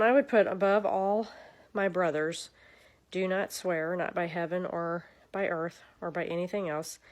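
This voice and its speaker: A woman hosting a casual devotional talk, chatty and earnest, with lively swings in pitch. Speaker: devotional host.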